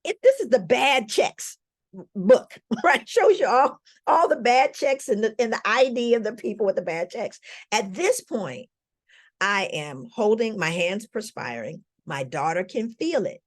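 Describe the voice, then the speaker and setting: A woman's voice: a little high, a little slow. A woman giving a talk, telling a personal story to a live audience and calling on them with questions. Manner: animated, calls on the audience with questions.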